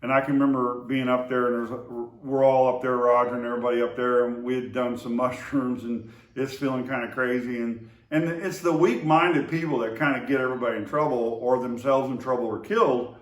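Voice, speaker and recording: A man tells loose, rambling stories with plenty of fillers and false starts. His voice sits at an ordinary middle pitch. It is recorded from a distance in an echoing room. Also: steady tone, a little fast, few pauses. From Oklahoma to Texas area. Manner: rambling, with many fillers and restarts. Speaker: storyteller remembering his brother. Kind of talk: casual spoken memories. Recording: roomy echo, voice far from the mic.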